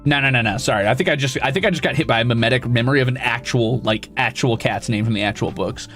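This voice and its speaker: A man streaming and chatting casually, excitable and profane, with sudden loud outbursts. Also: medium pitch, quick pace, soft background music. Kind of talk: casual live-stream chat.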